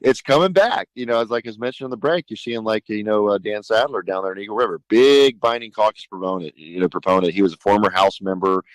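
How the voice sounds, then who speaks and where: Fast-talking emphatic man on talk radio. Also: lowish voice, no echo, rough recording. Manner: emphatic, animated, acts out conversations. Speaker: state senator guest. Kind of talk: radio talk show discussion.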